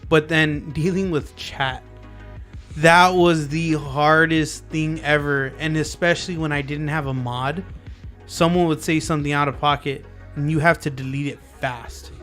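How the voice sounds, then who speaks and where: Rambling podcast host, slightly high voice. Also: male voice, fairly even intonation, measured pace, a bit bright. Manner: loose and rambling, lots of fillers and restarts. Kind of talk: casual podcast chat. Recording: lofi music underneath.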